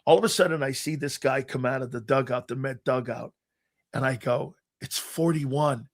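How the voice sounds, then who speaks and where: A middle-aged man hosting a sports talk show, telling stories in a casual, animated way and acting out his younger self. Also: mid-range voice, fairly quick. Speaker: show host.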